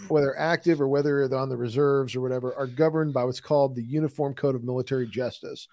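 A man's voice: mid-range voice, steady tone, fast, mellow. A man with a Midwestern accent co-hosting a podcast, explaining things at length in a blunt, chatty way with some mild cursing. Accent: Midwestern American. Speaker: podcast co-host. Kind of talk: casual chat.

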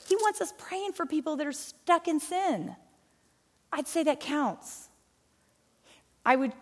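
Middle-aged woman teaching bible study, kinda high voice, folksy and chatty, long hall echo. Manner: chatty, folksy and animated, acts out stories.

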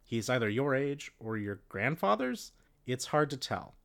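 A man's voice: mid-range voice, very animated, moderate pace, vocal fry, fairly bright tone. Man casually reading a storybook aloud. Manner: laughing, joking asides. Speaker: reader.

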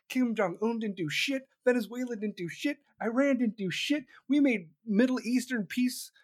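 A man ranting heatedly in a profane, mocking comedic tirade. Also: high-pitched. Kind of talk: profane comedic political rant.

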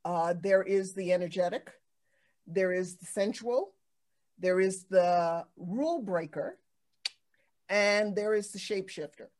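A woman hosting a casual talk show, telling stories in an animated way with many restarts and fillers. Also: medium pitch, measured pace. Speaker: podcast host. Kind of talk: casual chat.

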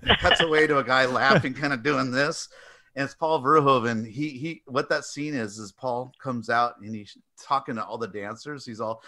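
A man co-hosting a casual podcast, retelling movie scenes in an animated way with laughs and acted-out bits. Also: mid-range voice, moderate pace, no echo. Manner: animated storyteller who acts out scenes with squeals and laughs. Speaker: podcast co-host. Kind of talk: casual chat about movies.

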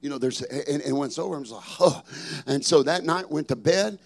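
High-voiced gravelly preacher shouting refrains. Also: male voice, fast talker. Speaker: pastor. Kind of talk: sermon.

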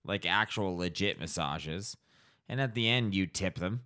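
Low-voiced man in loose profane chat. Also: measured pace. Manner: profane, animated storytelling with acted-out voices. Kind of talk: casual chat.

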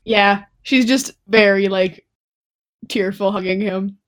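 A woman takes part in a tabletop game, talking in a chatty, giggly way with plenty of fillers. Her voice sits at an ordinary middle pitch. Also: slow. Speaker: player.

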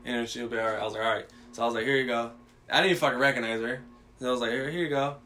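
A man's voice: mid-range voice, steady tone, racing, pushed and bright. A young man casually telling a profane workplace story, acting out the quotes as he goes.

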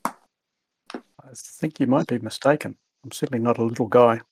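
A man's voice: medium pitch, moderate pace, creaky, a little mellow, a little hiss or hum. A man playing a tabletop game, joking around and asking questions. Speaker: player. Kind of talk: casual tabletop game talk.

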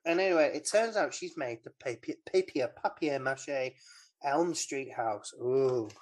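A woman's voice: very deep voice, measured pace, darkish tone. A woman talks through a film plot in a loose, rambling way, full of fillers and little laughs. She sounds like a casual podcast co-host chatting with a friend. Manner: chatty, rambling, giggly recap with many fillers. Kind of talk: casual chat.

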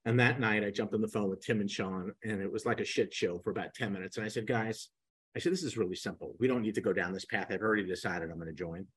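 A man in his sixties, a podcast guest, telling animated stories and acting out the dialogue. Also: lowish voice, fast talker, breathy edge, rough recording. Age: 60s. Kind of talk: storytelling in a podcast interview.

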